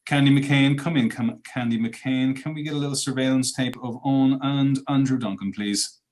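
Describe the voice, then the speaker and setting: A man's voice: medium pitch, steady tone, normal speed, darkish tone. A man hosting a festive show, bantering playfully and cueing segments. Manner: playful, cues segments with mock commands. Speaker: show host. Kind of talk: hosted show chat.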